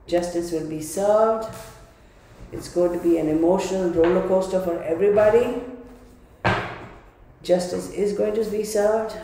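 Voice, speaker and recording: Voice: medium pitch, mellow, slight background noise. A tarot reader giving an emphatic reading, repeating and restarting phrases while thinking aloud. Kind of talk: tarot card reading video. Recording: very echoey room.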